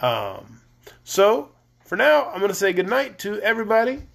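A man's voice: high voice, wildly swooping pitch, normal speed, gravelly, fairly bright tone. A man reading a children's chapter book aloud on a live stream, with casual, chatty asides between chapters.

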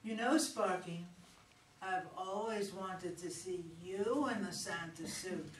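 A woman's voice: lowish voice, takes it slowly. A woman reading the part of a sweet, flirty female elf in an amateur read-aloud play, coaxing and drawn out. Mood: seductive. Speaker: reader in a community reader's theater. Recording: roomy hall, mic far off, faint noise.

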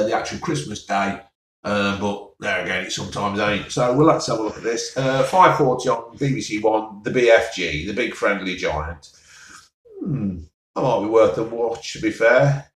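Grumbling man, roomy sound. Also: mid-range voice. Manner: grumbling, sarcastic, sighing. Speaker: vlogger reviewing TV listings. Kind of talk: casual solo rant. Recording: roomy, mic at a distance.

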